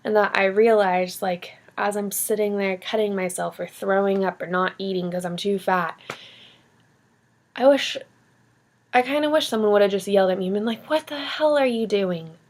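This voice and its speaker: A woman's voice: medium pitch, steady tone, normal speed. A young woman vlogger giving heartfelt, rambling encouragement in an earnest manner. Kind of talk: heartfelt motivational vlog talk.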